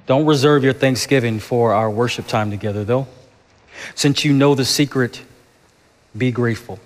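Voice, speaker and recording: A man's voice: medium pitch, moderate pace. A man preaching a sermon as a pastor, with emphatic, rhythmic repetition, in a church sanctuary. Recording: long church reverb.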